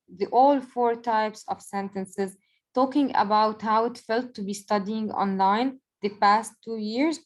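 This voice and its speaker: Female teacher, slightly high voice, patient explainer for a worksheet solution video. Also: poor audio. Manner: patient, explanatory, stresses example sentences slowly. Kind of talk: recorded worksheet lesson.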